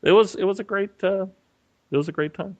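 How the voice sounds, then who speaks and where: A man co-hosting a casual podcast over a remote call. He spins a story with energy and slips into the voices of the people he quotes. His voice sits a little high. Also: brisk, lo-fi sound. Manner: animated storyteller, acts out quotes. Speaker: podcast co-host. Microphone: remote call mic.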